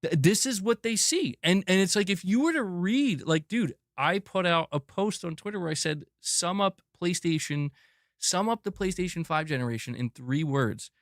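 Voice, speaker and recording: A man hosting a gaming news livestream, ranting emphatically with lots of swearing, swinging from loud bursts to muttered asides. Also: high voice, expressive, moderate pace, no echo, studio quality. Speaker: gaming news channel host. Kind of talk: livestream commentary rant.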